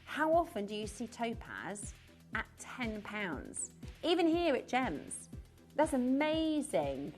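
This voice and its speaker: A woman's voice: on the high side, wildly swooping pitch, slow pace, soft background music. A woman presenting live TV shopping in a studio, chatty and bubbly, with frequent giggles.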